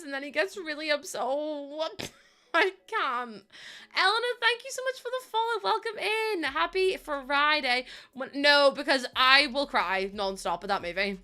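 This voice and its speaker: A woman's voice: sits high, animated, normal speed, pushed and bright. A young adult woman live streaming, chatting casually with her viewers in a giggly, gushing and emotional way.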